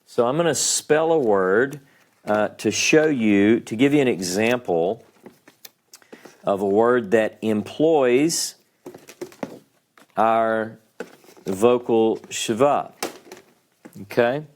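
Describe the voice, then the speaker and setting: A man's voice: mid-range voice, takes it slowly, long pauses, a little mellow. A man teaching a beginners' class, explaining patiently step by step at a board and checking in with his students. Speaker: Hebrew teacher. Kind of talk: classroom lesson.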